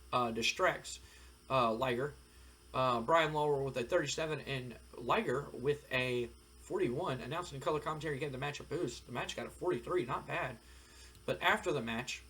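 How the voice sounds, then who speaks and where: Man, husky voice, rambling game commentary, lots of ums and uhs. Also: on the high side, fairly bright tone. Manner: rambling, filler-heavy storytelling. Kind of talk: let's-play narration of a wrestling sim.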